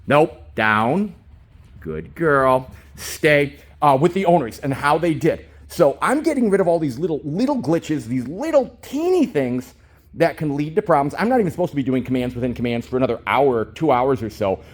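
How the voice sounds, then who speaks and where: Man in his fifties, dog trainer, phone in hand, gushing praise, crisp commands, baby talk to the dog. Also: fairly high pitch, big pitch swings, normal speed. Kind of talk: narrating a dog training session. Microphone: phone held in hand.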